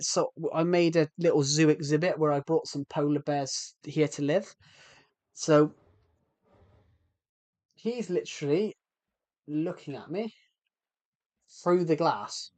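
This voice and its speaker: A man's voice: a little high, unhurried, pauses often, a little mellow, no echo. A man live-streaming a game, chatting casually with viewers and often restarting sentences.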